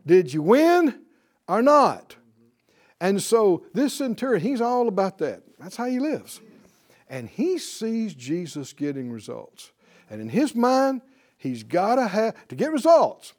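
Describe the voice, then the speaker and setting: High, lively-voiced man preaching a Bible lesson. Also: a little slow. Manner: calls out to the audience for responses; emphatic, rising on key words. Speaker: Bible teacher.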